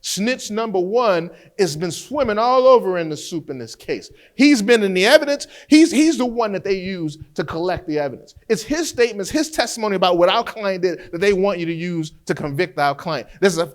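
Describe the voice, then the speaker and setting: A man lectures on trial skills, spinning courtroom stories in an animated way. His voice sits a little high for a man. He often doubles words as he restarts a sentence. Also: a little fast, few pauses. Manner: animated storyteller who repeats words as he restarts. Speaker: criminal defense lawyer teaching trial skills.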